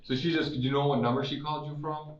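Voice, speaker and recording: A man working as a police detective, questioning a witness slowly and evenly with hesitant ums. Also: on the high side, flat delivery. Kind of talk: police interview recording. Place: police interview room. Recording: echoey distant muffled interview-room mic.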